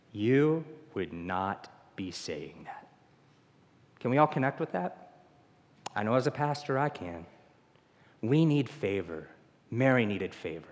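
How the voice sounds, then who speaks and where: A man's voice: fairly high pitch, in a large hall. A man from the American South with a Southern accent, a pastor preaching a conversational sermon and asking the congregation questions. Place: church sanctuary.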